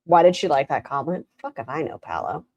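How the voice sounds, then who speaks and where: A woman's voice: low-pitched, big pitch swings, brisk, darkish tone, dry recording. A woman hosting a reaction stream, commenting in a dry, mocking way.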